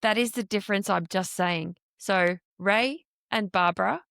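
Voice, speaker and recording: A woman's voice: medium pitch, unhurried, creaky, fairly bright tone, dry recording, clean studio sound. A woman hosting an interview, talking earnestly and emphatically as a foster carer. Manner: earnest, emphatic, acts out quoted speech.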